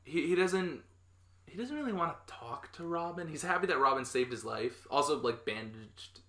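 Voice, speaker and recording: A man's voice: fairly high pitch, lively intonation, moderate pace, pushed and bright. A young man co-hosting a podcast, casually recapping a comic book plot in a rambling, storytelling way with plenty of laughs. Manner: rambling storyteller, acts out quotes, laughs often. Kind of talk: casual chat. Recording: echoey room.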